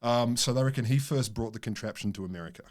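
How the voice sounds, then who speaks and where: A man's voice: medium pitch, fast talker, a little mellow. Rambling man telling a story. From Australia. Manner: rambling, amused, self-correcting storyteller. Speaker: podcast co-host telling the story. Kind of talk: casual science chat.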